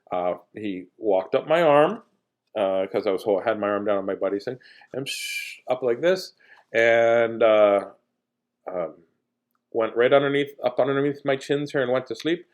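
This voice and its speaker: A man's voice: fairly low pitch, normal speed. A man reading a bedtime picture book aloud, breaking off for playful, jokey asides to his listeners. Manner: jokey, animated, chatting to listeners. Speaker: storyteller reading a bedtime story.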